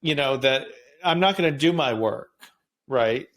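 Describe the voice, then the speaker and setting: A yoga teacher with a mid-range male voice talks thoughtfully about healing and growth. He speaks in a measured way and laughs softly now and then. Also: medium pitch, lively intonation. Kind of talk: reflective spiritual conversation.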